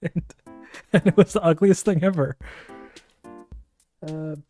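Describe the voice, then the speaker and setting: A man's voice: a little high, a little slow, warm tone, dry recording, faint music behind. A man chatting casually and playfully while drawing live on stream, often laughing.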